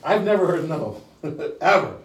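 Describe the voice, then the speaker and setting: A man's voice: on the high side, expressive, a little slow, slight background noise. An older man leading a live sales training, brash and blunt, with frequent profanity. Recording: echoey room, distant mic.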